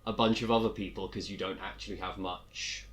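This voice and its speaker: A relaxed host with a somewhat low voice, chatting with a guest. He asks his questions loosely and adds reflective remarks of his own. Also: fairly quick. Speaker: podcast host. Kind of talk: casual interview chat.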